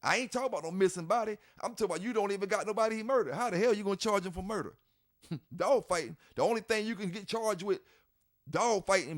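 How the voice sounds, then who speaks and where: A man with a notably high voice delivers a heated, blunt rant as a channel host. He swears freely, hammers the same points again and again, and drops scornful laughs between lines. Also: fast talker, fairly bright tone. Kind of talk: ranting commentary to camera.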